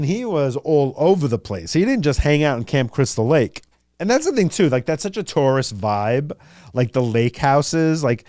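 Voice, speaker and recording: A man hosting a podcast talks in a loose, rambling way, animated and quick to swear, with fillers all through his speech. His voice sits at a middling pitch. It is recorded dry and close, with no room sound. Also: no room sound. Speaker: podcast host. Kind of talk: casual chat.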